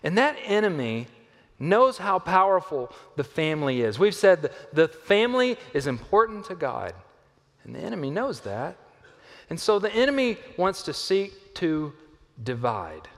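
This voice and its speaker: Pastor preaching in a reverberant hall. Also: male voice, fairly high pitch, unhurried. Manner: lively, swinging between loud emphasis and hushed delivery; playful asides with a volunteer on stage. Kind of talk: sermon. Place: church auditorium.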